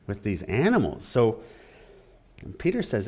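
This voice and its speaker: A male preacher walks his congregation through a passage in an expository sermon. His pitch swings widely and keeps the talk animated. He often stops to ask the listeners questions. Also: moderate pace.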